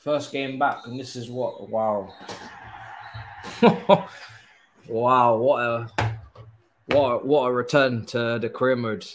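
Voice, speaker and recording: A young man, commentating his own football game live, groaning, swearing and now and then cheering loudly. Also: medium pitch, fairly even intonation, measured pace, reverberant, noisy background. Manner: exasperated, groaning and swearing, swinging to loud cheers. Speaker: gaming streamer.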